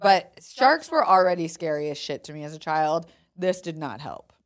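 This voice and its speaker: A woman's voice: sits low, animated, normal speed. A woman co-hosting a podcast, chatting casually and bursting into laughter. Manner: giggly, bursts into loud laughter. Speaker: podcast co-host.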